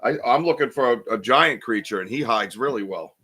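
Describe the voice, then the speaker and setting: Bright-voiced rambling podcast host, a man. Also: medium pitch, animated, fairly quick, slightly rough. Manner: rambling, chatty, many fillers and restarts. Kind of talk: casual live-stream chat, reading viewer comments.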